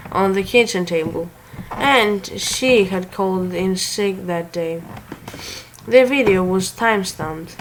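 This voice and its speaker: A woman reads a revenge story aloud in an unhurried, slow way. She trips over words, backs up to correct herself and drops offhand joking asides between passages. Her pitch sits in the middle for a woman. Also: a little hiss or hum, low-quality recording. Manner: stumbling, self-correcting, laughing asides. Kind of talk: casual story reading with asides.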